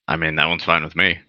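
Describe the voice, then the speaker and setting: A man with a gravelly voice chatting casually as a tabletop game player. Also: very deep voice, pushed and bright, highs cut off. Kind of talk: casual chat.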